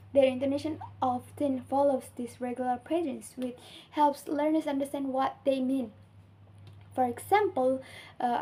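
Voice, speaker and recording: A young adult Indonesian student reads a class assignment carefully and earnestly, making small slips. Her voice sits high with a dark tone, and the recording is rough.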